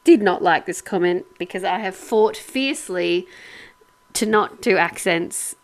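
A woman's voice: on the low side, measured pace. A woman co-hosting a casual podcast, chatting and laughing often, sounding grateful as she thanks listeners. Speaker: podcast co-host.

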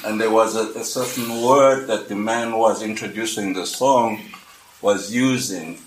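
Slow, halting older man in echoey room. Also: lowish voice, steady tone, background noise. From South Africa. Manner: halting, with many restarts and fillers. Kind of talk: personal storytelling.

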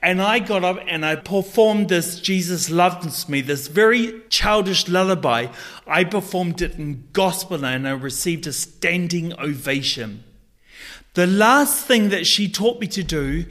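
Casting: man, high voice, earnest guest telling an emotional life story. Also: unhurried, a bit bright. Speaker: podcast guest. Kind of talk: personal storytelling.

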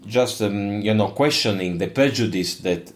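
Older man, non-native speaker with an Italian accent, emphatic, somewhat low voice. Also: moderate pace. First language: not English. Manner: expressive, emphatic, digressive. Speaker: musician guest. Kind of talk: interview answers.

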